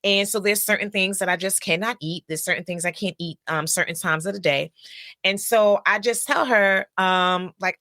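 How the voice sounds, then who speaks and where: Middle-aged lady telling a story, bright voice, dry close sound, lots of likes and rights. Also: mid-range voice, normal speed, no room sound. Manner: chatty, personal, lots of fillers and asides. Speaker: counselor and podcast host. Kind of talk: casual storytelling monologue.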